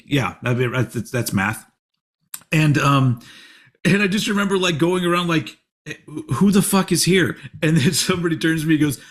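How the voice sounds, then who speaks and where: A man's voice: fairly high pitch, a bit bright. A man in his forties hosting a podcast, telling rambling stories in casual chat, swearing and laughing often. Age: 40s. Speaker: podcast host.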